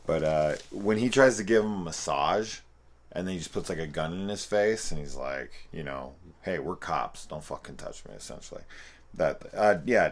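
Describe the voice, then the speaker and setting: A man giving a rambling, profane and amused spoken movie review, with loose restarts and playful quoting of scenes. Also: low-pitched. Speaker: film reviewer.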